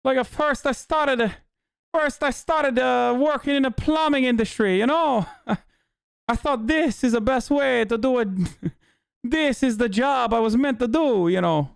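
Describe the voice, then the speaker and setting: A man's voice: unhurried, gravelly, clean tone, dry recording, studio quality, heavily acted. A man voicing a hammy male Italian immigrant with a put-on thick Italian accent and exaggerated exclamations. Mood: excited. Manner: high, exaggerated, theatrical exclamations.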